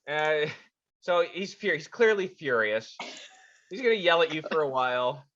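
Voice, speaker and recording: A man narrating as game master of a tabletop game, animated with frequent restarts, in a dull lo-fi recording. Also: a little high, normal speed.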